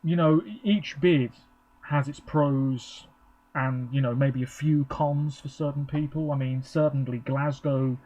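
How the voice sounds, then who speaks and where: A man's voice: mid-range voice, steady tone, measured pace, mellow, poor audio. A man giving a chatty, rambling live reaction, with frequent ums. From England. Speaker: vlogger. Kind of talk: casual live reaction commentary.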